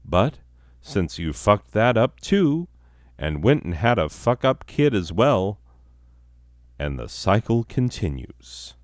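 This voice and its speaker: A man's voice: on the low side, sing-song, takes it slowly, no echo, clean studio sound. A man hosting a comedy podcast, delivering a profane, sardonic satirical monologue and laughing at his own jokes.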